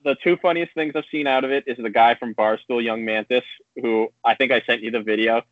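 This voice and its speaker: A man's voice: medium pitch, fairly even intonation, fairly quick, no echo. A man casually chatting on a podcast, rambling through a story and acting out the quotes. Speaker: podcast co-host. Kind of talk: casual chat. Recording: tinny phone-like line, dry.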